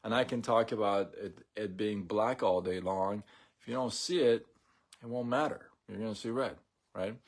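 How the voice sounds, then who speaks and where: A man hosting a casual live stream, talking in a relaxed, rambling way with many fillers and restarts. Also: fairly low pitch, moderate pace.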